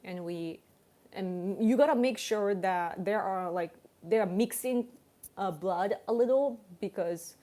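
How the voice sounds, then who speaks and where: A woman's voice: mid-range voice, a little slow, mellow. A Japanese woman with a Japanese accent, hosting a casual livestream chat, full of fillers and restarts and laughing often. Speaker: livestream host.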